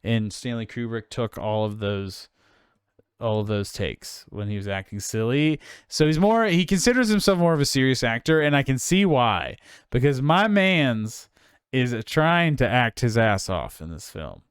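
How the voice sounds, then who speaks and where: On a film podcast, a male co-host chats with casual enthusiasm, rambling and swearing freely. His mid-range voice is animated and resonant, moving at a moderate pace. The sound is clear, echo-free and studio quality.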